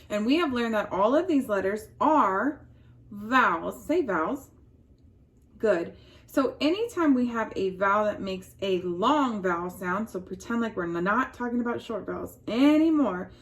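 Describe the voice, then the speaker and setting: A woman teaching a phonics lesson to young children, slowly sounding out words and prompting the class to answer. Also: mid-range voice, lively intonation, breathy edge.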